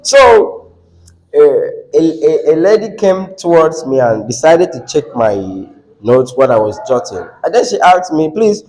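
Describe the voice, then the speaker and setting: A man lectures a classroom at an unhurried pace. His voice sits a little higher than most men's, and he keeps repeating key words and quizzing the students with questions. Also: big pitch swings, darkish tone, low-quality recording. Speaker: teacher.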